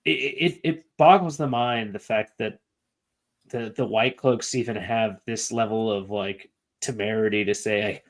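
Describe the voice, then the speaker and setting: A man's voice: on the low side, a little slow. A man co-hosting a book podcast, talking casually with rambling, profane asides and lots of filler words. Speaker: podcast co-host. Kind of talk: casual chat about a book.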